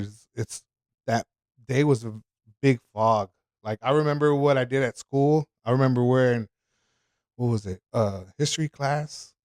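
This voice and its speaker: A man's voice: medium pitch, a little mellow, no echo, clean studio sound. A man from Houston, a podcast guest, tells a story in casual chat, rambling with fillers, restarts and plenty of swearing. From Houston, Texas.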